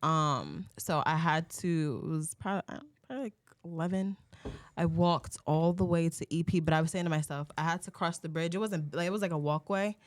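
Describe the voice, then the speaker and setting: A woman's voice: deep voice, brisk. A woman from Rhode Island telling a story in casual chat, rambling with lots of fillers.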